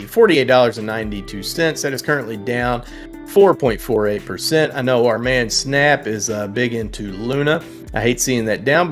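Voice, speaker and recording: A man hosting a live trading stream, chatting casually as he reads out prices and viewers' names, laughing and sometimes singing names. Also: mid-range voice. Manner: chatty, reads prices and chat names, sing-song repeats of names, laughs often. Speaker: livestream trading host. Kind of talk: casual live market commentary.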